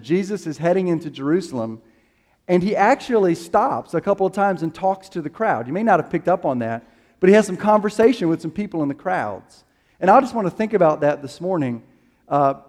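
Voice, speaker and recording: A male pastor preaching with a slightly higher-than-average voice, talking in an easy, conversational way with plenty of ums and restarts. His voice carries a long reverb from the church hall. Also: a little mellow. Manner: conversational storytelling with fillers and restarts. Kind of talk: sermon.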